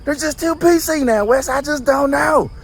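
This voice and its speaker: A man's voice: extremely high pitch, moderate pace, voice pushed up. A man voicing a complaining older Southern friend with a Southern drawl, grumbling about how the world has changed. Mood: grumbling nostalgic.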